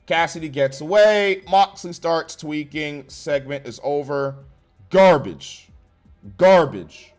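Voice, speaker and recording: A man's voice: a little high, steady tone, unhurried, few pauses, faint music behind. A man reviewing a wrestling show in a blunt, sarcastic rant, swearing heavily. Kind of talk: profane ranting review.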